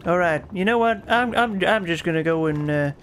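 A man co-hosting a casual gaming stream, excitable and cheering, with lots of stammered restarts. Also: high-pitched, moderate pace, slight background noise.

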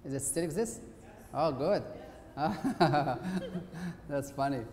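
A man's voice: a little high, expressive, takes it slowly, a little mellow. A middle-aged man, an occupational therapist, giving a conversational, somewhat hesitant presentation lecture in a university auditorium. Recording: echoey hall with faint hiss.

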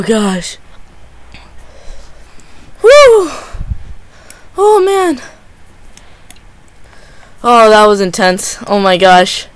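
A man giving excitable live gameplay commentary, full of gasps and repeated exclamations. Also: high-pitched, a little hiss or hum. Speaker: gaming channel host.

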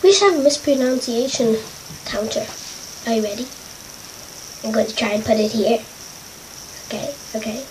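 A woman's voice: on the high side, normal speed, long pauses. A woman vlogging casually, spelling out words letter by letter in a chatty, self-mocking way. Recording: noisy home recording.

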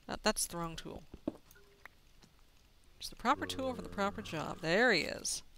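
A woman's voice: mid-range voice, animated, unhurried, noisy background. A woman giving playful, chatty commentary while she plays a video game, talking to herself as she goes. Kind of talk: gameplay commentary.

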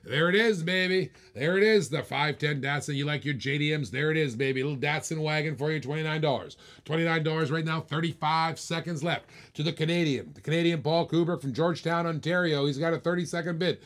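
A man's voice: fairly high pitch, a little fast, few pauses, fairly bright tone. A man hosting a live-stream auction, calling bids with playful, teasing, hyped-up patter. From Australia.

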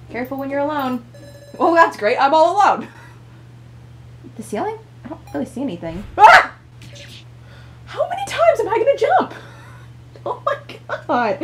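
A young woman doing let's play commentary on a horror visual novel. She jumps easily, laughs often and talks back to the characters. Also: sits high.

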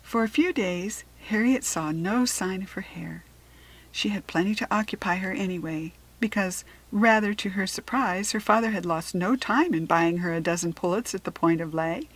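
A woman narrating a storybook aloud in a gentle, measured read-aloud manner. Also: mid-range voice, poor audio. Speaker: storybook reader.

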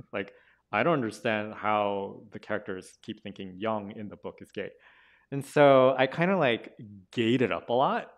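A man's voice: lowish voice, moderate pace. A man from South Korea, a translator speaking casually at a book event, chatty and full of fillers and restarts. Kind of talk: casual conversational talk.

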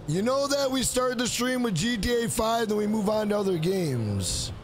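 A man with a rather high voice, talking loosely to his chat during a gaming live stream. He thanks viewers one by one and keeps tagging "bro" onto his lines. Faint game music plays underneath. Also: animated, normal speed. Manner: talks straight to chat, repeats "bro" often.

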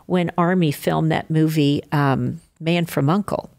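A woman's voice: low voice, a little slow, gravelly. An older woman, a podcast guest, telling stories of faith and divorce and acting out the people she quotes. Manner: animated storyteller acting out quoted voices. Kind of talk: faith-filled storytelling interview.

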